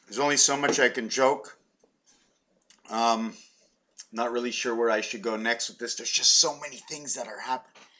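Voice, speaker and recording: Bright-voiced rambling man from Quebec. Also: mid-range voice, steady tone, moderate pace, pauses often. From Quebec, Canada. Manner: meandering, playful wordplay, muttering asides. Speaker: vlogger. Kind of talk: rambling monologue vlog.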